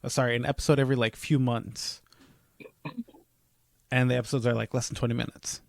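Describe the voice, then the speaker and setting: A young man co-hosting a casual podcast chat, rambling and animated, slipping into quoted asides as he rants. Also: medium pitch, fairly quick, vocal fry, no room sound, clean studio sound. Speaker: podcast co-host.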